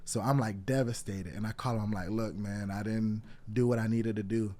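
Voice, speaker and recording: A man's voice: lowish voice, fairly even intonation, brisk, darkish tone. A young man in his twenties, a wrestling coach telling stories in a casual interview, acting out quoted dialogue with lots of "like" fillers.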